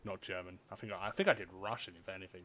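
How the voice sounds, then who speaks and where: A man hosting a podcast, chatting casually, swearing a lot and breaking into loud outbursts. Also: sits low, steady tone, racing, a little hiss or hum. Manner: swears a lot, loud bursts of laughter and outrage. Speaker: podcast host. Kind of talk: casual chat.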